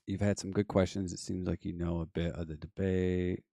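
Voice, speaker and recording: A man's voice: sits low, level tone, moderate pace, gravelly, warm tone, no echo, clean studio sound. A man hosting a live stream, reading chat and bantering casually with callers. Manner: laid-back, reads chat and banters with callers.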